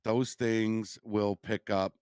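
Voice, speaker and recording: A man's voice: lowish voice, little pitch movement, slow pace, darkish tone, smooth, no echo, studio quality. A man hosting a casual chat, easygoing and agreeable. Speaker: host.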